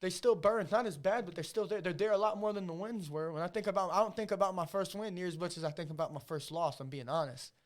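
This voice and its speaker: A man's voice: sits high, fast talker, few pauses. Emotional, profane male podcast guest. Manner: emotional, profane, repeats himself. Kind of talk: casual podcast chat.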